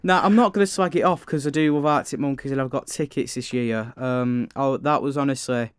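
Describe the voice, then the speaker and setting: Teenage Mancunian lad, studio guest, cheeky and chatty, smooth clear voice, dry close mic. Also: male voice, mid-range voice, a little fast, dry recording. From Greater Manchester. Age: teens. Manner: cheeky, chatty, stumbles over words. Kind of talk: radio interview. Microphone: studio microphone.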